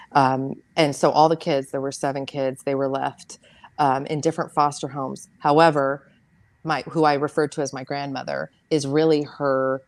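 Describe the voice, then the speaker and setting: A woman with a low, deep voice shares a painful family story. She is a guest on an interview show, and her speech is halting and full of restarts. The recording is dry and close, with no room sound. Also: no room sound. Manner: halting and emotional, with many fillers and restarts. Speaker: podcast guest.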